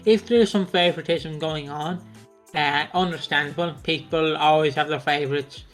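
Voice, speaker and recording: A man with a high voice chats casually over a video call, swearing freely and slipping into quick impressions of the people he talks about. Faint music sits behind him. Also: steady tone, fairly bright tone. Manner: sweary, mimics characters in bursts. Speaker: podcast co-host.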